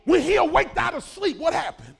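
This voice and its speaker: A man preaching a sermon, swinging from quiet asides to shouted exhortation. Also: very high voice, sing-song, moderate pace, creaky.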